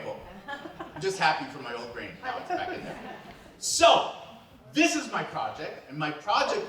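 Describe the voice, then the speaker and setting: Animated man telling comic stories on stage. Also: a little high. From New York. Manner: animated, playful, acts out the people in his stories. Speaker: monologist. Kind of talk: comic storytelling monologue. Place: event hall. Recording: echoey hall, distant mic.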